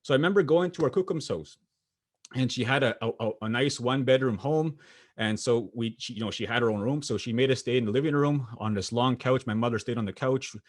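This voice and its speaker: An earnest man from Sweetgrass First Nation, Saskatchewan, Canada gives a motivational keynote speech in a mid-range voice. He tells stories earnestly, with pauses and restarts.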